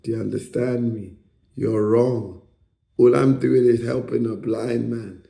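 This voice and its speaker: A man's voice: medium pitch, fairly even intonation, measured pace, vocal fry, dark tone. A man on a hospital ward, angrily ranting at a staff member, swearing and repeating rhetorical questions. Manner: angry, profane, repeats himself, rhetorical questions. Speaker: psychiatric ward patient. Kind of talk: confrontational rant at a staff member. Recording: echoey room.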